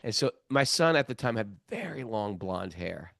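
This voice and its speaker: A middle-aged man hosting a spiritual podcast, telling a story in a lively casual way, acting out the other people's lines and laughing often. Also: lowish voice, moderate pace, creaky, dry recording, clean studio sound. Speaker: podcast host.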